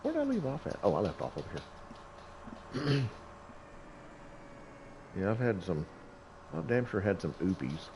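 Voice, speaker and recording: A man's voice: on the low side, wildly swooping pitch, a little slow, pauses often, noisy background. A middle-aged man who hosts a gaming channel, telling a rambling story about himself over gameplay, folksy and chuckling often.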